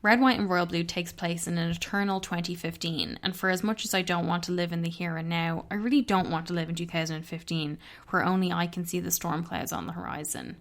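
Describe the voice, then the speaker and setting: A woman's voice: fairly low pitch, fairly even intonation, fairly quick, few pauses. Chatty woman co-hosting a book podcast. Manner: chatty, candid, swears casually. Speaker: podcast co-host. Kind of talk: casual book club chat. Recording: traffic noise from an open window.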